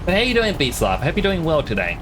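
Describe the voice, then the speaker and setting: A man's voice: fairly high pitch, wildly swooping pitch, quick pace. Chatty man streaming a game over music. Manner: chatty, rambling, talks to chat viewers. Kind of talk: casual gameplay commentary.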